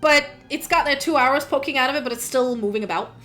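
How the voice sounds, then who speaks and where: A woman runs a tabletop game as game master, her voice bright and a little high. She talks in a chatty, descriptive way with fillers, and soft music plays faintly underneath. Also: fast.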